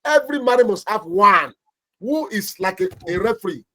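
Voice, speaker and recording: High-voiced Nigerian pastor giving emphatic advice. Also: male voice, expressive, normal speed, bright, forceful tone. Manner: emphatic, preacherly, acts out little anecdotes. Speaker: pastor and marriage counselor. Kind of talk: marriage advice on a talk show.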